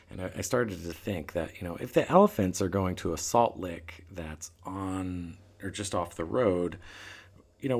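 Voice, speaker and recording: Guy with a really low voice telling a travel story, animated, laughing a lot. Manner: animated, laughing, acts out quoted lines. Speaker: guest storyteller. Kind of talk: casual storytelling chat.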